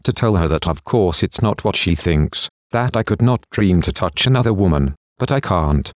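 Deep-voiced man narrating a novel. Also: expressive, normal speed, hardly any pauses, dry recording, studio quality. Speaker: audiobook narrator. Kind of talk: first-person novel narration.

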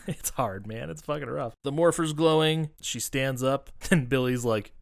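A man co-hosting a podcast in casual chat, animated, swearing freely and acting out characters' lines as he recaps. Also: medium pitch, a little slow, creaky, dry recording, studio quality. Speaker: podcast co-host.

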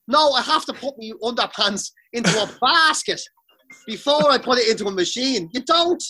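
Bright, sweary Irish man ranting. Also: very high-pitched, moderate pace. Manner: sweary, animated storytelling. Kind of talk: casual comedic rant. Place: sitting on the floor of a room.

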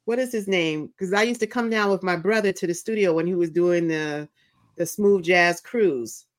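Relaxed woman co-hosting a podcast. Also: on the low side, moderate pace, no room sound, clean studio sound. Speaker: co-host. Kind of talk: casual chat.

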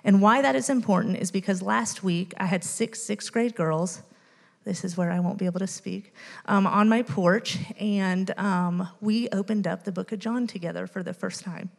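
With a creaky, medium-pitched voice at a moderate pace, a late-30s woman shares her testimony at church. She volunteers in youth ministry and speaks earnestly with many ums before getting emotional toward the end. A long reverb tail trails her voice.

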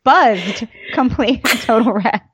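A woman telling stories in casual fan chat, animated and emphatic, her voice jumping up for emphasis. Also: fairly high pitch, slow pace, husky, no room sound. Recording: dull lo-fi dry mic.

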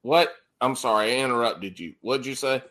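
A man hosting a podcast, bantering crudely and laughing loudly with his guests. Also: mid-range voice, moderate pace. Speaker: podcast host. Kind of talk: casual chat.

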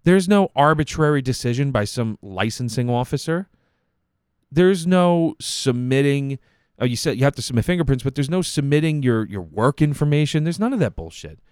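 A man's voice: medium pitch, expressive, normal speed, darkish tone, clear, resonant tone, dry recording, clean studio sound. A man, hosting a podcast and giving heated, profane, sarcastic commentary on clips. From New York. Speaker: podcast host.

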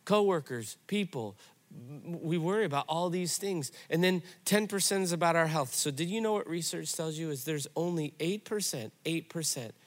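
A middle-aged man pastor giving a sermon, telling stories in an animated, conversational way. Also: fairly high pitch, moderate pace.

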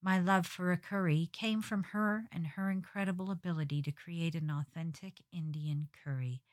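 A woman with a low, deep-set voice and a British accent talks through her own solo podcast. Her delivery is wry and reflective, with the even flow of a prepared script. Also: moderate pace. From Britain. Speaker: podcast host.

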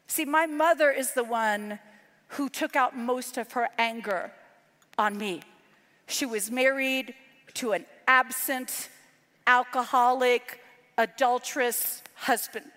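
A woman preaches in a drawn-out, unhurried way, her voice sitting fairly high. She tells her story from a stage, moving between loud and hushed passages. A long reverb from the large hall trails each phrase. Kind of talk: sermon.

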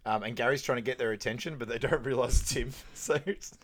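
A man's voice: mid-range voice, fast talker. Man recapping a film casually. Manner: retells scenes, quoting lines in put-on voices with laughs. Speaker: podcast co-host.

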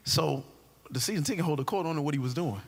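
The pastor's voice runs on the high side and creaky, and he talks quickly over slight background noise. His sermon plays out like a funny story, full of jokes, lively energy, banter, and frequent asides to the crowd, all echoing with long hall reverb.

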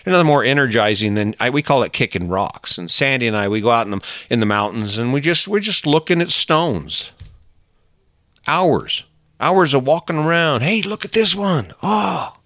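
A middle-aged man giving a casual motivational monologue, emphatic and coaxing, acting out little scenes in a higher voice. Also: very animated, normal speed, fairly bright tone, no echo, clean studio sound. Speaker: motivational talker.

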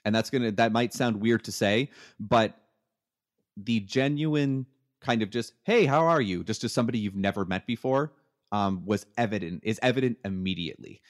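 Canadian guy chatting, lowish voice, lots of ums and restarts. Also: normal speed. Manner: hesitant, many fillers and restarts. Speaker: guest. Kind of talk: casual storytelling.

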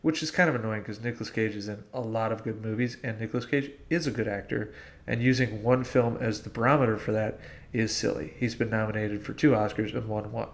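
A man with a gravelly, creaky voice chats about films on a podcast. He explains his views in a relaxed, informal way. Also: lowish voice, brisk. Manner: explains from what he has read. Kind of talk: casual film discussion.

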